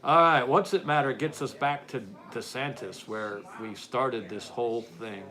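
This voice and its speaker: A man's voice: mid-range voice, steady tone, measured pace, a crowd in the background. An American man hosting a casual live-stream chat, reading viewer comments aloud and laughing often. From United States. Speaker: podcast host.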